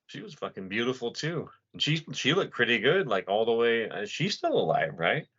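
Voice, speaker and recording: A man's voice: medium pitch, very animated, moderate pace, fairly bright tone, slightly rough. A man from the US East Coast co-hosting a podcast, talking bluntly in casual chat with plenty of swearing. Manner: profane, blunt, storytelling. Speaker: podcast co-host. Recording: dull lo-fi sound.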